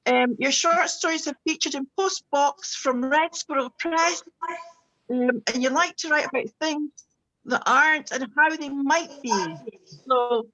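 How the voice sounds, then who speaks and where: Bright high-voiced woman hosting. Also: unhurried, rough recording. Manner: warm chatty introductions with frequent ums. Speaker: host introducing readers. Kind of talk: online launch event introductions. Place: home, video call. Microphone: video call.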